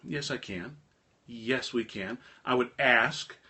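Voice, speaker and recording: A middle-aged man telling a rambling, animated personal story in a casual monologue to his viewers. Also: medium pitch, slow pace. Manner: animated, rambling, with frequent restarts. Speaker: host of a live stream talk.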